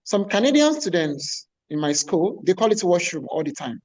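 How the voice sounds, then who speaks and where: A woman from Africa, a teacher, giving brief, low-key replies on a video call. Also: sing-song, normal speed, a little mellow, low-quality recording. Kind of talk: casual video-call talk.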